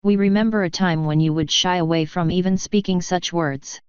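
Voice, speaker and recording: Woman reader as a honeyed, condescending monster mare, low and very clear voice, storybook reading. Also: steady tone, normal speed, no echo, dull audio, natural voice. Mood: taunting. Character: sinister fanged female pony doppelganger, mocking.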